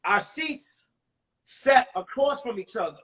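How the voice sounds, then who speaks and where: A man in his forties, a comedian telling crude, animated stories about his school days on a phone livestream. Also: very high voice, takes it slowly, slightly rough. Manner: animated, profane storytelling with acted-out voices. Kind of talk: stand-up storytelling on a livestream.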